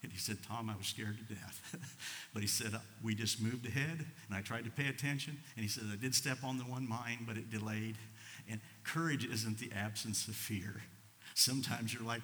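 Emotional preacher in a reverberant hall. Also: male voice, lowish voice, moderate pace, pauses often. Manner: emotional, swings from soft storytelling to loud preaching. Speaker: pastor. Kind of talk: sermon. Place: church sanctuary.

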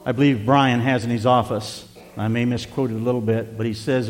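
Older man, church pastor, heartfelt storytelling sermon, mid pitch, long church reverb. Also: fairly even intonation, moderate pace. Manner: storytelling, tender and earnest, addressing the congregation. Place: church sanctuary.

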